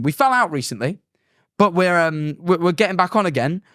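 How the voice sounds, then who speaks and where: A young British man co-hosting a podcast, excitable and acting out quoted dialogue. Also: sits high, brisk, dry recording, clean studio sound. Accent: British English. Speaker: podcast co-host. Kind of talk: casual podcast chat.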